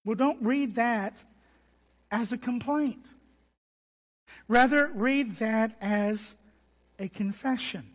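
High-voiced man preaching slowly in a reverberant hall. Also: lo-fi sound. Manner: deliberate, emphatic, trailing off to soft low endings. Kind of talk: expository sermon.

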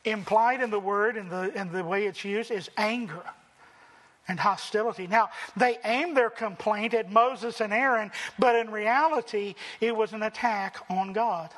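Guy preaching a sermon, really high voice, bright and punchy, big echoey church sound. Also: unhurried. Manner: animated preaching, acts out quoted complainers. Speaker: pastor.

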